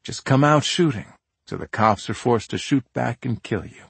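A man narrating a first-person crime audiobook in a steady, tense way. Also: mid-range voice, moderate pace, vocal fry, slightly rough, no room sound.

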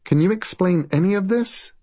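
A man's voice: high-pitched, lively intonation, moderate pace, warm tone, dry recording, voice pushed up. A man reading an audiobook, voicing a bewildered young woman who asks anxious questions. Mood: worried.

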